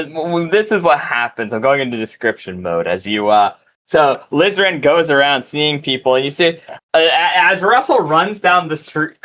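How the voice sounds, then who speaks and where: A man's voice: fairly high pitch, fairly bright tone. A man narrating and ruling as game master of a tabletop game, loose and chatty with fillers.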